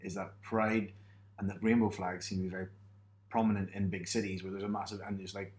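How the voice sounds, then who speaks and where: A man's voice: low voice, flat delivery, a little fast, a little mellow. A man from Northern Ireland in a casual podcast chat, telling stories with self-mocking humour and frequent laughs.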